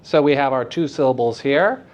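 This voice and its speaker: A man lecturing acting students at a school workshop, animated and playful, leading them in call-and-response drills. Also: mid-range voice, normal speed, muffled recording. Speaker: acting teacher. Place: school theater festival workshop room.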